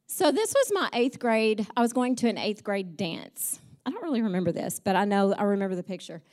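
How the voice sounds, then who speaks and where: A woman's voice: medium pitch, very animated, a little fast, a little mellow. Middle-aged woman at church, telling stories about her father in a chatty, heartfelt way with frequent ums. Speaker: church speaker. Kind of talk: personal storytelling message.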